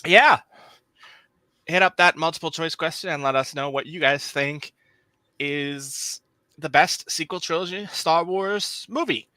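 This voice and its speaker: A man's voice: fairly high pitch, measured pace, pushed and bright, no echo. A man hosting a podcast, chatting casually and reading channel promos with upbeat asides. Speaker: podcast host.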